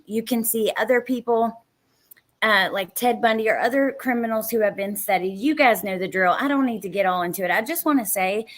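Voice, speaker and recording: A woman's voice: medium pitch, a bit bright. An exhausted woman hosting a live stream, chatting casually, blunt and frustrated, swearing now and then and greeting viewers by name. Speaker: true crime live stream host.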